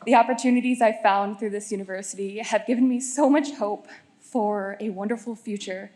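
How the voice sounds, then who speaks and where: A woman's voice: mid-range voice, steady tone, a little fast, dark tone. A young woman graduate giving an emotional but firm thank-you speech at a ceremony. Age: young adult. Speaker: graduating student.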